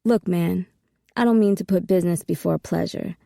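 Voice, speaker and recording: A woman voicing a smooth, confident male street hustler who talks with a cocky, streetwise swagger. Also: lowish voice, normal speed, warm tone, no echo, clean studio sound. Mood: commanding.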